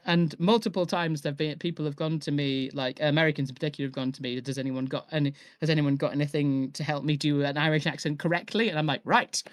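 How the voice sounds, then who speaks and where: A man's voice: a little high, fairly even intonation, fast talker, hardly any pauses, no echo, studio quality. A man hosting a live-streamed chat about audio drama, rambling and enthusiastic with many restarts. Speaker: host and audio drama maker.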